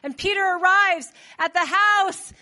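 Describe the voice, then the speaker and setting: A woman preaching a sermon in church, animated, telling the story with laughs and acted-out voices. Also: very high-pitched, a little slow.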